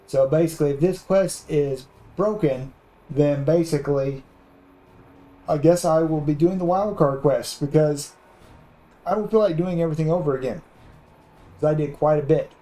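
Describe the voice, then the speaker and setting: A man's voice: on the high side, dark tone, low-quality recording. A man giving rambling, casual commentary over his video game playthrough. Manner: rambling, many fillers and restarts. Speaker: gameplay commentator. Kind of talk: casual let's-play commentary.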